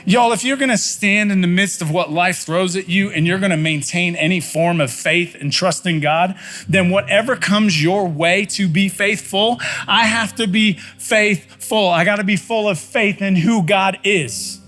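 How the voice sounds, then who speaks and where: High-voiced pastor preaching. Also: male voice, a little slow, fairly bright tone, soft background music. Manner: conversational preacher, repeats phrases for emphasis, folksy. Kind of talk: sermon. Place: church sanctuary.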